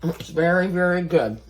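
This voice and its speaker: A woman's voice: fairly low pitch, poor audio. An older woman, hosting a casual home cooking demonstration in a homey, chatty way and eating as she talks. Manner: homey, chatty, eats while talking. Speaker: cooking channel host.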